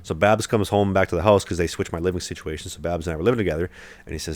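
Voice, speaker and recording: A man's voice: sits low, rapid-fire. A young man hosting a podcast, telling a long story in casual chat with lots of fillers and restarts. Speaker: podcast host, hockey goalie.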